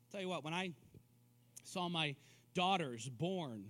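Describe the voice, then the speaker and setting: A man preaching a sermon, who repeats words as he builds emphasis and rises into forceful declarations. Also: on the high side, lively intonation, measured pace. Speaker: pastor. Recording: long reverb of a hall.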